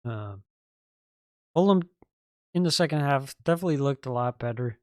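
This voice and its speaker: Male podcast co-host, casual football recap, mid-pitched voice, dry close mic. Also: normal speed, no echo. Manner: relaxed recapping with fillers.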